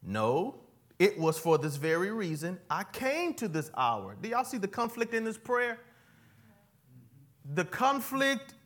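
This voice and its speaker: A male pastor preaches in a high, bright, ringing voice. He leaps from loud cries down to quiet, folksy asides. He talks straight to his congregation in church. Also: very animated, unhurried. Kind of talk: sermon.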